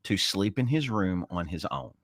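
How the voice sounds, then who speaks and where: A man in his forties co-hosting a casual chat, telling a story with passion and sharp emphasis. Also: sits low, big pitch swings, normal speed, no room sound, studio quality. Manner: impassioned, storytelling with emphatic swings. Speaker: co-host.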